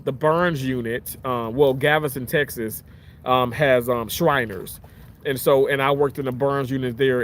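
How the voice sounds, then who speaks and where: A livestream host chats casually by the water, phone held at arm's length, reading comments aloud. His talk rambles with frequent restarts, and his pitch leaps up whenever excitement hits.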